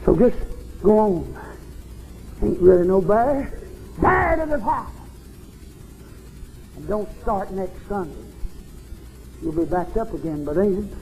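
A man preaching a fervent, folksy revival sermon at a church service, often climbing into shouts. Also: high voice, takes it slowly, long pauses, muffled recording, soft background music.

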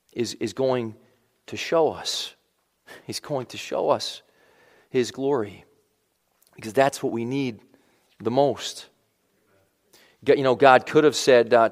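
A man's voice: mid-range voice, in a large hall. A male pastor preaching a sermon in a conversational style, with asides and restarts.

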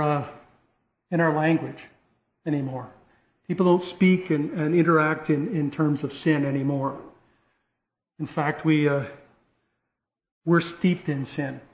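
A man preaches a sermon earnestly, repeating and restarting phrases and building rising emphasis on key points. His voice sits a little high for a man. The recording is dull and lo-fi, with a roomy echo.

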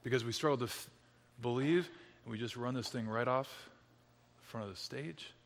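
A man's voice: mid-range voice, moderate pace, gravelly, big-room sound. A man preaching a sermon as a dramatic story, dropping to near-whispers at the tense moments.

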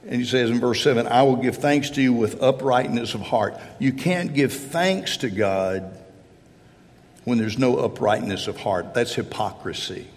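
With an unhurried, mid-range voice, a pastor delivers an earnest sermon to his congregation, speaking heartfelt prayers in the first person. The church sanctuary lends the recording a hall-like reverb.

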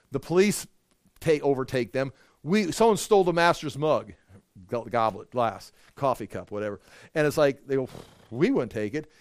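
A man's voice: mid-range voice, a little mellow, clean tone, no echo, studio quality. A man preaching a sermon, retelling scripture in a casual storytelling way with asides and jokes.

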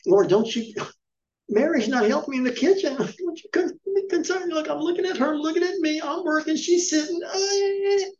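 A fretful woman whines in a shrill, pleading voice, her pitch soaring far above normal speech, as a male preacher acts her out. The sound is slightly dull and muffled, like a sermon recording. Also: normal speed, a little mellow. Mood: whining. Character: complaining woman, fretful and indignant.

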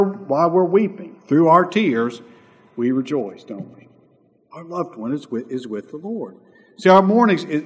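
Husky-voiced man preaching. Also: a little high, big-room sound. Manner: preaching with rising emphasis and softer asides. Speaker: pastor. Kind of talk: sermon.

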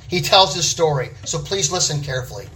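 A man's voice: fairly high pitch, expressive, normal speed, vocal fry, sharp tone, recorded from a distance. A man preaching a sermon with an emphatic, repetitive cadence.

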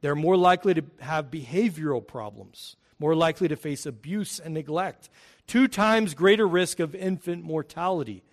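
Emphatic male preacher, somewhat high voice. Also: moderate pace. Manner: emphatic preaching with wide swings in volume; rhetorical questions to the congregation. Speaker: pastor. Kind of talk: sermon.

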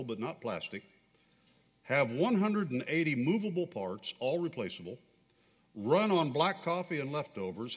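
Man reading God the Creator, tender and patient, earnest, lively voice, hall reverb. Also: medium pitch, slightly rough, pitched below the performer's own voice.

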